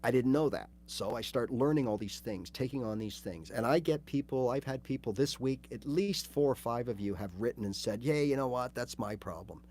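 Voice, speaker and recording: A man hosting a casual livestream guitar lesson, chatty and animated, acting out little scenes as he talks. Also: medium pitch, a little fast, hardly any pauses, slight background noise. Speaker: guitar teacher.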